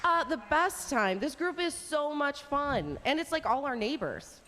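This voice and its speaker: A woman from Southeast Wisconsin, a radio guest telling a story in a lively, chatty way. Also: high-pitched, in a large hall, heavy background noise. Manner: lively, chatty, quick bursts. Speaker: guest caller on radio show. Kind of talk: casual storytelling. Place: resort hotel on location.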